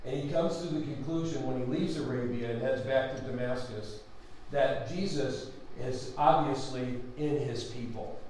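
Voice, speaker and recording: A man teaching a Bible study with fervent preaching, exclaiming hallelujah and amen, swinging between loud passages and quiet explaining. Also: medium pitch, normal speed, echoey room, a little hiss or hum, poor audio.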